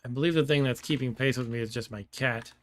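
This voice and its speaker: A man's voice: medium pitch, fast, slight background noise. A man giving casual let's-play commentary, thinking aloud and laughing often, with keyboard clicks behind him. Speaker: gameplay streamer.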